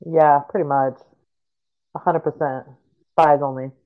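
A man jumping in with quick, joking remarks during a casual podcast book chat. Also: on the high side, steady tone, narrow, tinny audio. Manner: quick interjections, agreeing and joking. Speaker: podcast co-host.

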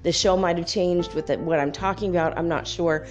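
A woman's voice: fairly low pitch, steady tone, brisk, dull audio, soft background music. A woman from California hosting a podcast, rambling casually with many fillers. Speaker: podcast host. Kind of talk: casual spiritual podcast monologue.

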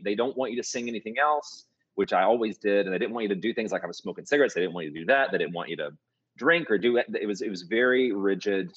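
A man with a husky, somewhat low voice spins jokey anecdotes in a relaxed interview, restarting sentences as he goes. The recording is dull and lo-fi, with a dry, close sound. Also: no room sound. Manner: jokey, animated storyteller with many restarts. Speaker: music producer and voice coach. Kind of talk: casual interview storytelling.

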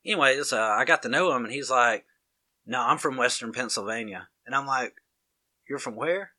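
A man's voice: medium pitch, brisk, sharp tone. A man with a Southern US accent, chatting casually and acting out both sides of a story. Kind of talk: casual chat.

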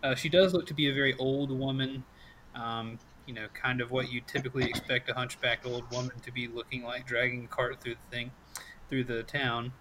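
A man's voice: mid-range voice, flat delivery, fairly quick, a bit bright, a little hiss or hum, rough recording. A man narrating as game master of a tabletop game, casual and full of fillers.

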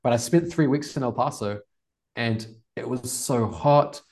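Podcast guest: New Zealand man in his twenties, relaxed and rambling. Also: medium pitch, unhurried, a little hiss or hum. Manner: relaxed, rambling, laughs often. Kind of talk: casual storytelling interview.

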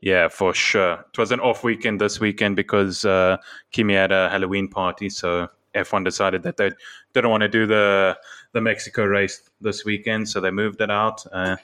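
Brief: lower-voiced man with a slight lisp, relaxed sports chat, laughs a lot. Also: normal speed. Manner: chuckles often while talking. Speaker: podcast co-host. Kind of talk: casual chat.

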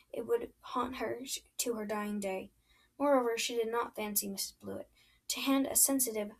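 A woman's voice: a little high, low-quality recording. A woman narrating a storybook, her reading unpolished, often stumbling and restarting words. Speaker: audiobook reader.

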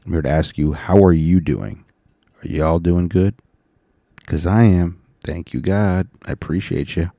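A man hosting a casual solo podcast, tired and rambling, profane, sometimes breaking into loud rants, speaking into a mic on a stand. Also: sits low, fairly even intonation, unhurried, dry recording, clean studio sound. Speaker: podcast host. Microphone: studio mic on a stand.

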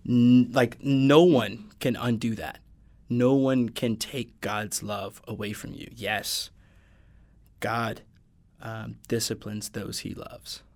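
A man speaks with a gravelly, creaky edge at an ordinary pitch. He talks earnestly in a relaxed podcast conversation, working through scripture passages as he goes. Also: slow. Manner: earnest, quotes scripture at length. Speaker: podcast guest. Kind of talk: casual faith discussion.

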